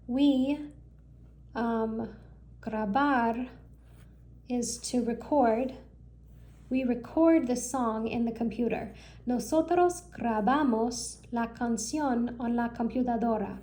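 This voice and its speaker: A woman's voice: on the high side, warm tone. A woman teaching a Spanish lesson, patiently explaining vocabulary step by step in a casual manner.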